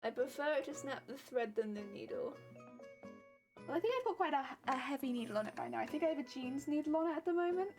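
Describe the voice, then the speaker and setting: A woman's voice: high voice, expressive, fast talker, darkish tone. Chatty young woman sewing, music behind. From United Kingdom. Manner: chatty, self-talking, giggly while working. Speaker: cosplay streamer. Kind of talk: casual sewing stream chat. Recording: clear music bed under the voice.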